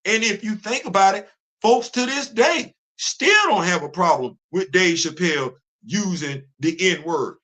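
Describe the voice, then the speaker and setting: A man hosts a casual livestream, pressing his points with emphatic repetition. His voice sits a bit high with a bright, forceful edge. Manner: emphatic, preachy, repeats himself. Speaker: host.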